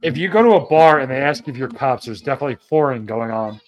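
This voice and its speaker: Lively, wisecracking man. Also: mid-range voice, fast. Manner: quizzical, crude, wisecracking. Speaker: podcast co-host. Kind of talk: casual movie watch-along banter.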